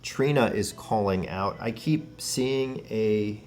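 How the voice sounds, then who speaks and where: A man hosting a paranormal spirit-box session, earnestly and gently calling out names and passing on messages. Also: fairly low pitch, takes it slowly, a little hiss or hum.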